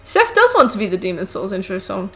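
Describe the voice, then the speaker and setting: A woman's voice: medium pitch, huge pitch swings, fast, soft background music. A woman streaming a game from home on a headset mic, chatting with her viewers and fussing at her cats. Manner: chatty, talks to chat and scolds her cats between game remarks. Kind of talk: casual live-stream chat while gaming.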